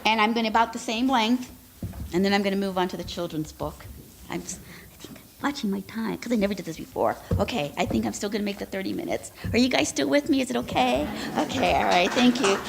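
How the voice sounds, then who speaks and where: A woman author at a live literary reading, chatting with the audience in quick asides. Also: mid-range voice, gravelly, noisy background. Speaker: author reading her work.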